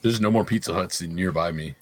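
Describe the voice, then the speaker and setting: A man's voice: sits low, brisk, slight background noise. A man co-hosting a podcast, rambling casually with loose asides and casual swearing. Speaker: podcast co-host. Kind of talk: casual chat.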